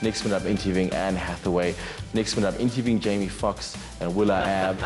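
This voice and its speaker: A young South African man, a TV presenter, telling lively anecdotes about his interviews. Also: deep voice, fast talker, over music. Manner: lively storyteller, animated asides.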